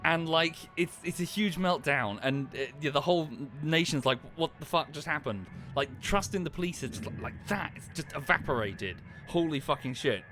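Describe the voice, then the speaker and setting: With few pauses and a moderate pace, a British streamer talks in a slightly high, expressive, somewhat bright voice while music plays. He rambles through casual chat about his game, swearing freely and cutting himself off to start over.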